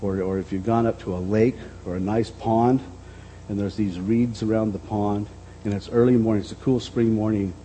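A middle-aged man preaching a reflective sermon as a pastor, dropping to a soft voice and then lifting it again. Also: fairly low pitch, slight background noise, poor audio. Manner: reflective, speaks softly then lifts his voice.

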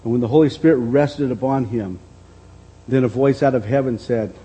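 A man with a mellow, dark, slightly husky voice preaching a sermon. He reads scripture aloud and explains it at an unhurried pace. He often doubles back on his words as he goes. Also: medium pitch, low-quality recording. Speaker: pastor.

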